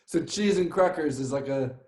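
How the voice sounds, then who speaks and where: A woman's voice: deep voice, animated, moderate pace, a little mellow. A woman playing a flustered, prickly festival announcer in a live improv comedy. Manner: confused and prickly. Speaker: improv performer. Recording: echoey room over a video call.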